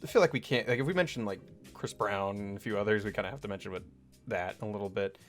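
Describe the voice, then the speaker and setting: A young man co-hosting a casual chat, chuckling often and talking in halting bursts with fillers. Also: fairly low pitch, soft background music. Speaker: co-host.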